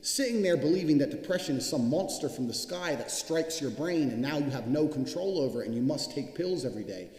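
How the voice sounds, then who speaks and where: A man's voice: on the high side, animated, fairly quick, few pauses, darkish tone. A man giving a blunt, profane motivational speech, hammering his points home with repetition. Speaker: speaker giving a motivational talk. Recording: echoey hall with long reverb.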